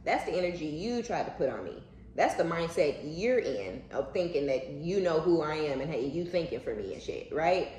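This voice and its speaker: A woman's voice: low-pitched, sing-song, moderate pace, few pauses, darkish tone, reverberant, slight background noise, rough recording. A woman giving a casual spiritual reading, blunt and profane, piling up repeated words for emphasis. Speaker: intuitive reader.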